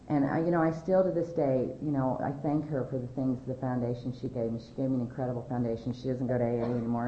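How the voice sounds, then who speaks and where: A woman with a low, deep-set voice gives a personal testimony at a recovery meeting. She tells her story candidly and mocks herself as she goes. The recording is dull and lo-fi, with the roomy echo of a hall. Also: a little hiss or hum. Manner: candid, self-mocking storytelling with frequent laughter. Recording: echoey, dull lo-fi room recording.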